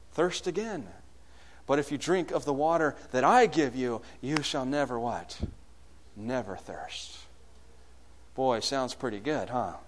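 A man preaching a sermon, asking the congregation questions and swinging between loud bursts and hushed lines. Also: on the high side.

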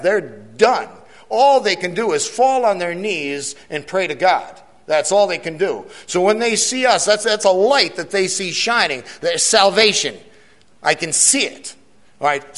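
A man's voice: high-pitched, a bit bright. A man serving as a jail chaplain, giving an earnest testimony to a church committee and repeating key phrases for emphasis.

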